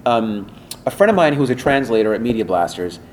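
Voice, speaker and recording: A man who works as a voice director and voice actor, answering podcast questions in rambling, animated stories full of fillers and restarts. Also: fairly low pitch, brisk, a little hiss or hum. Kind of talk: casual podcast interview storytelling.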